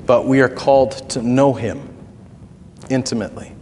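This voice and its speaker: A man's voice: medium pitch, moderate pace, darkish tone, slight background noise. A man preaching a sermon as pastor, conversational, with asides and small chuckles. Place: church sanctuary. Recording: long reverb of a hall.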